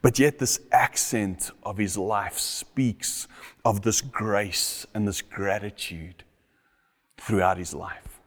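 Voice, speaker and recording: A man's voice: lowish voice, steady tone, slow, long reverb tail. A middle-aged man delivering a sermon, earnest and fond of repeating his key phrases for emphasis. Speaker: pastor.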